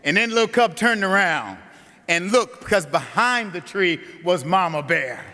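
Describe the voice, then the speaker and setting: A man preaching an animated storytelling sermon that builds to a rousing close, recorded in a large conference hall. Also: high voice, normal speed.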